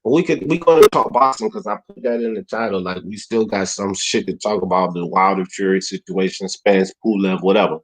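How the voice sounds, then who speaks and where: A man hosting a boxing talk livestream, animated and heated, swearing freely and rising to shouts. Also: low-pitched, fairly quick, hardly any pauses, low-quality recording.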